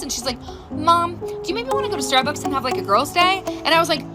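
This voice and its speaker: A middle-aged mother casually telling a funny story, animated and laughing as she acts out quotes. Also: very high-pitched, fast. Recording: loud music underneath.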